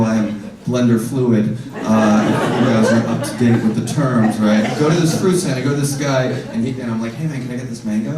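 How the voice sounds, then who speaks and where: A man's voice: medium pitch, recorded from a distance, noisy background. A young man from the United States performing a stand-up comedy set, acting out both sides of his stories. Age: young adult. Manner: animated, acts out both sides of dialogues. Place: live comedy stage in a venue. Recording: roomy live venue, heard from afar, faint crowd.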